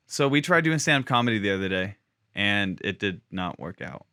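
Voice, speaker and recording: A man's voice: on the low side, fairly quick, smooth, no echo, clean studio sound. A man on a podcast telling a story in a casual, profane way, acting out the people in it. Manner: animated, profane, acts out other people's voices. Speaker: podcast co-host.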